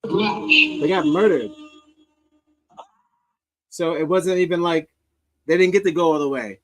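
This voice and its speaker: A man's voice: on the high side, fairly even intonation, brisk, a little mellow, low-quality recording. A man hosting a casual commentary stream, reacting to social media clips in a rambling, sardonic way with many restarts.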